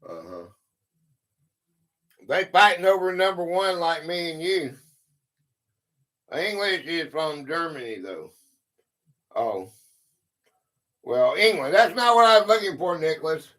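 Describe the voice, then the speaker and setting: A man's voice: on the high side, big pitch swings, measured pace, pauses often, fairly bright tone. A man hosting a casual livestream quiz, greeting viewers by name and reading questions aloud. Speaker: livestream host running a quiz. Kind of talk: casual live-stream chat.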